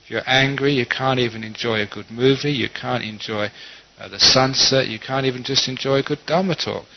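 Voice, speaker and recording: A middle-aged man, a Buddhist monk, giving a conversational dharma talk and teaching gently, with quoted asides. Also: medium pitch, fairly quick, vocal fry, slight background noise. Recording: dull lo-fi talk recording.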